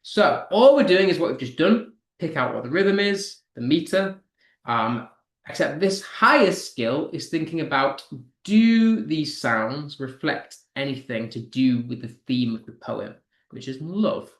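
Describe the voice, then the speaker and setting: A man teaching poetry to an online class, his voice a touch high and swinging widely in pitch. He slows right down to mark stressed and unstressed beats, and reads out his students' comments. The sound is roomy and echoey. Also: lively intonation. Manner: slow, stressed reading when tapping out poetic rhythm; talks to students reading comments aloud. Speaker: English teacher.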